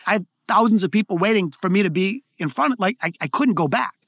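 A man with a high voice tells his stories in a rush, tripping over restarts and repeating words as he goes. The sound is dry and close, with no room in it. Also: expressive, fast talker, few pauses, fairly bright tone, no echo. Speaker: guest, keynote speaker. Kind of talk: conversational interview storytelling.

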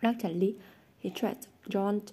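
A woman narrating a children's novel aloud in a steady, even storytelling manner. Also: medium pitch, measured pace, a little hiss or hum. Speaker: audiobook narrator. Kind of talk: scripted narration.

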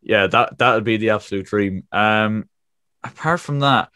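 A young man in his early twenties, talking casually with his co-host. His voice sits slightly low and sounds dry and close, with no room around it. He is easygoing, drops the odd swear word and laughs readily. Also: moderate pace, sharp tone, no room sound. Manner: laid-back, swears freely, laughs often. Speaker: podcast co-host. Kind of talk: casual podcast chat.

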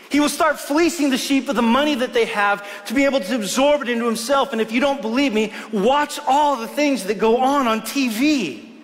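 A middle-aged male pastor preaching a sermon in a church, earnest and slowing down to stress scripture. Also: high voice, fairly bright tone. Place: church hall. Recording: long church hall reverb.

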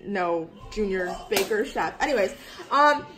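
A woman's voice: mid-range voice, expressive, unhurried, over music, rough recording. A woman vlogging casually in a bubbly, gushing way, first in a kitchen and then at an outdoor holiday display. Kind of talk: casual vlog chat.

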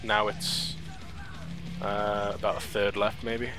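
A man's voice: on the low side, flat delivery, takes it slowly, over music. A man commenting as a friend plays a video game, dry and teasing. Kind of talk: casual let's-play chat.

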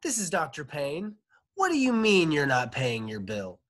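A man voicing a bossy, harsh female dentist in a read-aloud storybook, with a husky voice. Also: fairly high pitch, wildly swooping pitch, unhurried, a bit bright, pitched above the performer's own voice, full character voice. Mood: angry shouting.

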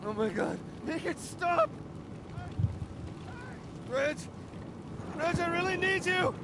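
A high, frantic young man shouts and cries out as something takes over his body, his voice leaping all over. The game audio sits under loud noise. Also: lively intonation, takes it slowly, heavily acted. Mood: panicked. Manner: frantic, yelling. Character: young man panicking over new powers.

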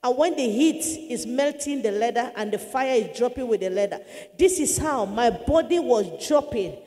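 A woman evangelist giving an impassioned preached testimony, often crying and shouting as she tells it. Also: on the high side, animated, normal speed, in a large hall.

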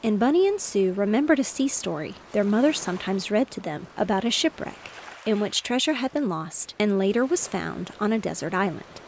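Woman storyteller, gentle, even bedtime reading, mid voice, faint ocean waves behind. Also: mid-range voice, brisk, a little hiss or hum, poor audio.

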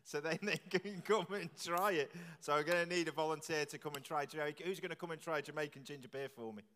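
A man leading a church service, jokily quizzing the congregation with quick questions. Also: on the high side, fairly bright tone. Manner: jokey, chatty, quizzing the audience with quick questions. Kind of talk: playful all-age talk with the congregation. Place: large church with long reverb. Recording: echoey church from a distance.

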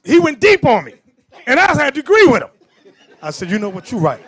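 Man, high voice, very lively pitch, preaching sermon, shouts for emphasis. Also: brisk, slightly rough. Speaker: bishop preaching. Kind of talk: animated sermon with storytelling.

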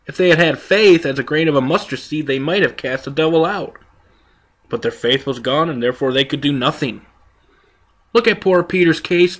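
A man's voice: a little high, fairly bright tone. A man reading a sermon aloud in an emphatic, rhetorical manner, building long lists and voicing quoted speakers. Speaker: preacher.

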